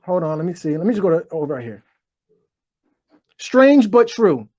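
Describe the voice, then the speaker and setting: Online host, preachy profane rant, frequent stutters, mid pitch, dry close sound. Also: big pitch swings, normal speed, darkish tone, dry recording. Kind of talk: ranting monologue to viewers. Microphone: desk microphone, bumped while talking.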